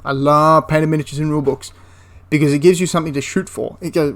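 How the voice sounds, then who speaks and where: A man's voice: a little high, steady tone, very fast, few pauses, a bit bright. A man giving a casual, enthusiastic spoken review of a tabletop wargame, rambling into asides and restarting his sentences.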